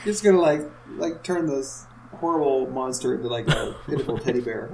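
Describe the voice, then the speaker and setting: A man's voice: medium pitch, brisk, gravelly, heavy background noise. A man co-hosting a podcast in casual chat, joking around and laughing often. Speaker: podcast co-host.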